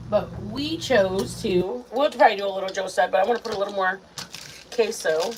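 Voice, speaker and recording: An excitable, chatty woman talks her viewers through a recipe at a mid-range pitch. She cooks in a home kitchen, and loud frying and sizzling run under her voice. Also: brisk, background noise. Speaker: home cooking vlogger. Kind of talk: casual cooking chat.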